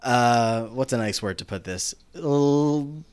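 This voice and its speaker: A man co-hosting a casual podcast, recapping a TV episode with lively commentary and briefly playing out characters' lines in exaggerated voices. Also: medium pitch, slow pace, smooth.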